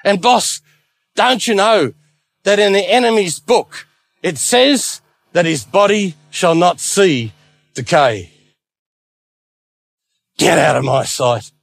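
A man's voice: sits high, lively intonation, slow pace, vocal fry, long pauses, dry recording, exaggerated voice. A man voicing a scheming male devil who barks orders at his servants. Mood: angry. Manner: barking orders, indignant. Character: scheming male devil, bossy underworld chief.

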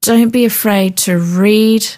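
A woman calmly teaching how to read and pray through the Bible, in an unhurried, instructive way with frequent filler sounds. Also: medium pitch. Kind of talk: devotional teaching chat.

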